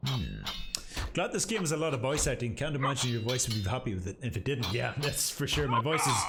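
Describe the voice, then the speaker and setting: Chatty male gamer over loud game music. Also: mid-range voice, big pitch swings, fairly quick. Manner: joking, chatty asides to the game. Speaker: gaming streamer. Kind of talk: casual let's-play commentary.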